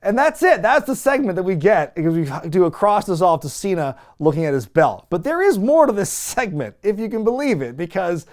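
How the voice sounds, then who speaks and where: A man hosting a wrestling review show, giving a casual, sarcastic, animated recap with some swearing. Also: sits high, a little fast, few pauses.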